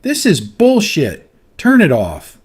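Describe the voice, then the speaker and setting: A man voicing an enraged older male politician in a dramatized audio story, barking the same insults louder each time. His voice sits high above his usual speaking level, loud and forceful. It has the clean, even sound of synthetic narration. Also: slow pace, slightly rough, exaggerated voice. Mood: yelling.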